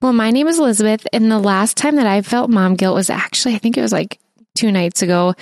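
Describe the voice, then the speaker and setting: A woman in her thirties co-hosting a podcast, talking in a warm, encouraging and reassuring way in casual chat. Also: mid-range voice, fast, no room sound, studio quality. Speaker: podcast co-host.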